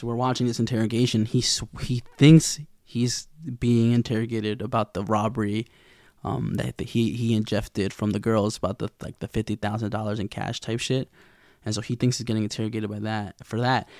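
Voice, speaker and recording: A man's voice: medium pitch, darkish tone, dry recording, studio quality. A young man casually recapping a TV episode in a slangy, rambling way, acting out the characters' lines. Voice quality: gravelly, with vocal fry.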